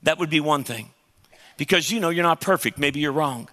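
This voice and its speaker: Bright-voiced preacher in an echoing hall. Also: male voice, a little high, a little fast. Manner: emphatic, conversational, asks the crowd questions. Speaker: pastor. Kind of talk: sermon.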